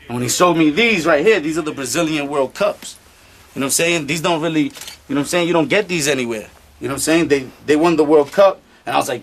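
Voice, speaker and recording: A man's voice: a little high, fairly quick, soft background music. A man casually telling a story in streetwise slang, acting out what people said. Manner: animated, streetwise slang, acts out quotes.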